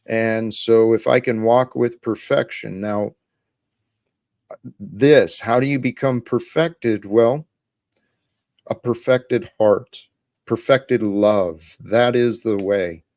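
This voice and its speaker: A man hosting a livestream about faith, speaking slowly and deliberately in an earnest, preacherly way, with his voice climbing when he gets excited. The sound is dry and close, with no room around it. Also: medium pitch, dry recording. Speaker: host.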